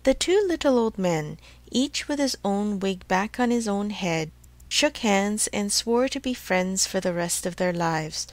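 Woman, storybook narration, clear, measured, middle pitch, dry recording. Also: animated, no room sound. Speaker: storyteller for English learners.

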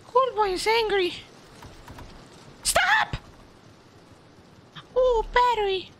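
A man voicing a whiny, bratty little boy who speaks in childish broken grammar and yells often during game commentary. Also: very high-pitched, sing-song, drawn-out words, slight background noise, exaggerated voice. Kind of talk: in-character gaming commentary.

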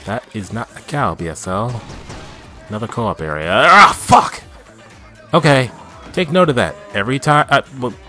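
A man doing let's play commentary, swinging between chatty self-talk and loud, swearing outbursts at the game. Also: lowish voice, a little fast, faint music behind. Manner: excitable, yelling and swearing at the game.

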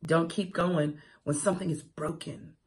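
A woman's voice: sits low, fairly even intonation, normal speed, slight background noise. Woman, radio morning host, inspirational faith talk, emphatic and sassy. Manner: preachy, emphatic, repeats phrases for rhythm; sassy asides and laughing quips.

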